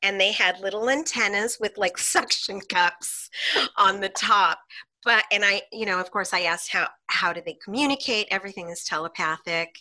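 A woman guest, a hypnotherapist, telling client stories in an animated way on a podcast and laughing often between lines. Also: medium pitch, normal speed. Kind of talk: podcast interview storytelling.

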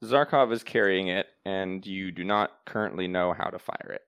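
A man running a tabletop game as game master, explaining rules and narrating in a calm, matter-of-fact way. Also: low-pitched, moderate pace, gravelly, clean tone, no room sound.

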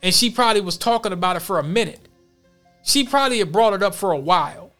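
A man's voice: high-pitched, expressive, quick pace, a bit bright, soft background music. A man hosting a podcast, reading news stories aloud and commenting on them bluntly with slang. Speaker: podcast host.

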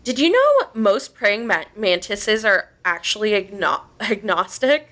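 A woman's voice: medium pitch, sing-song, a little slow, a bit bright. A woman podcast host casually reading a horror story aloud, swearing freely and laughing between lines.

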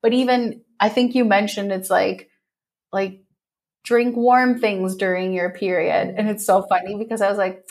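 A woman hosting a podcast in a casual interview, animated and effusive, laughing often and swearing freely. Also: mid-range voice, normal speed. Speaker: podcast host.

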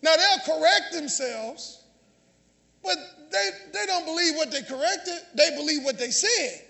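Male pastor, very high bright voice, call-and-response sermon, long church reverb. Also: animated, measured pace, vocal fry. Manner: call-and-response preaching, often shouting. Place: church sanctuary.

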